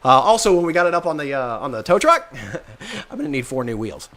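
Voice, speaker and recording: A man's voice: fairly high pitch, brisk. A man chatting casually on a podcast, telling a story and acting out the people in it. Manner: animated storyteller, acts out voices in his anecdotes. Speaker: podcast guest. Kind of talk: casual chat.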